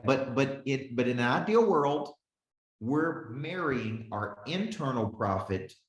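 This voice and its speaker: A man in his forties coaching a live business webinar, speaking at a middle pitch with plenty of energy. He calls on listeners by name and keeps checking in with "okay?" His voice carries a roomy echo. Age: 40s.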